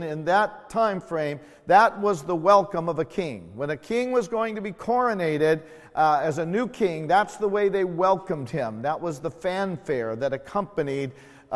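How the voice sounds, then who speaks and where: A man preaching a sermon as pastor, telling the story in a folksy way with small jokes and building to loud, emphatic calls. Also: high-pitched, big-room sound.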